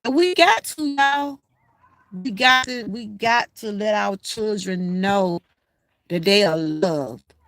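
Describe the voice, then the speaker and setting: A woman's voice: medium pitch, takes it slowly, fairly bright tone, no echo. An older woman with a Southern Georgia accent, hosting a casual livestream and talking straight to her viewers in a folksy way. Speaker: livestream host.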